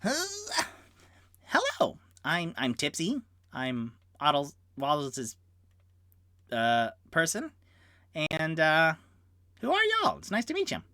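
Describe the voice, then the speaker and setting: A man doing a chirpy high gnome. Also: huge pitch swings, slow, pauses often, pushed and bright, no echo, studio quality, exaggerated voice. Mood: friendly. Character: cheerful bookish male forest gnome.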